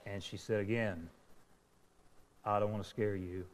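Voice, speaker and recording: A male preacher tells a personal story, poking fun at himself and acting out each voice in it. His voice sits a bit low, and a long reverb trails every phrase as it fills the sanctuary. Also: fairly even intonation, a little slow. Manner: self-deprecating storyteller, acting out dialogue. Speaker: pastor. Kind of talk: sermon storytelling.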